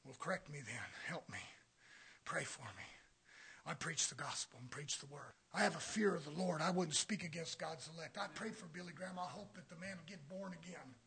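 A male preacher delivering a fiery sermon in a church, blunt and confrontational, swinging from shouting to hushed near-whispers. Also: on the high side, a little fast, vocal fry, slightly rough. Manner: blunt, confrontational, repeating phrases.

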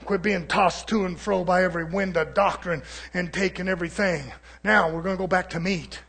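A man preaching a fiery, confrontational sermon, swinging between muttered asides and shouting. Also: high voice, fairly even intonation, a little fast, breathy edge.

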